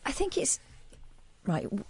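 A woman's voice: measured pace, a little mellow, no echo. A woman chatting in the radio studio, making thoughtful points in an earnest way.

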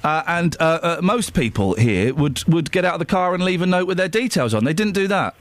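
A male radio host with a high, lively voice tells stories in an animated way, full of exclamations. The studio sound is dry and close. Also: fairly quick, no echo. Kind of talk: casual radio chat.

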